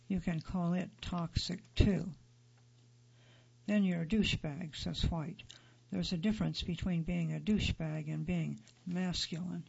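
A man reads a magazine feature aloud in a steady, neutral way. His voice sits high and carries a gravelly edge. The recording is dull and lo-fi. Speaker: article narrator. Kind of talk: scripted narration of a magazine feature.

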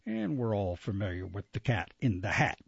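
Announcer, male, animated sing-song delivery of event listings, dry and slightly muffled sound. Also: on the low side, moderate pace, vocal fry, breathy edge, dry recording. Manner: lively, self-correcting, with asides. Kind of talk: reading an events calendar.

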